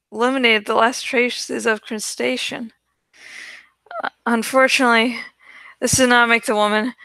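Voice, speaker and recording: High-voiced woman reading a book aloud. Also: bright, forceful tone, no room sound. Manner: unpolished reading with frequent stumbles and restarts. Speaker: book reader. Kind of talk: reading a novel aloud with commentary.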